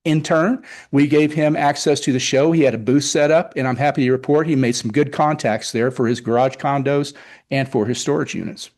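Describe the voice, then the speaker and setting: A man's voice: mid-range voice, steady tone, fairly quick, darkish tone. A middle-aged man giving an enthusiastic, rambling report at a public meeting, often retelling conversations. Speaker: car show organizer presenting to town board.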